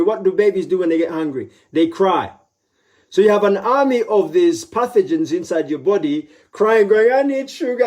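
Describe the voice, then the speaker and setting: A man's voice: fairly high pitch, dark tone. A middle-aged man giving a live motivational talk, repeating his advice with emphasis and acting out little voices for effect. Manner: repetitive, emphatic advice with playful voiced asides. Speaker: motivational speaker.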